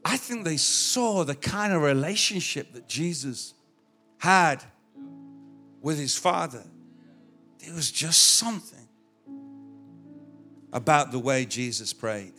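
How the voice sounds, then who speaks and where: A man's voice: on the high side, animated, slow pace, pauses often, pushed and bright, soft background music. A male pastor preaching a sermon in a conversational, illustrative way, with touches of humor. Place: church.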